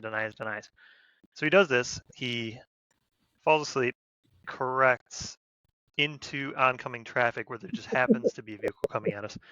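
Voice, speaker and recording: Man, rambling war story, profane, bright tense voice, dry dull sound. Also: mid-range voice, no room sound. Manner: rambling, profane, animated retelling with loud quoted shouts. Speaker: podcast co-host, army veteran. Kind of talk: casual storytelling chat.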